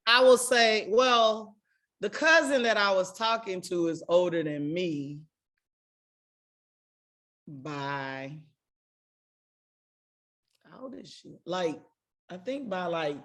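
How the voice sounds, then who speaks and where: Woman, 40s, from Jackson, Mississippi; podcast co-host, casual, animated storyteller. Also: lowish voice, slow, long pauses. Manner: animated storytelling, acts out quoted voices, laughs often. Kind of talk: casual chat.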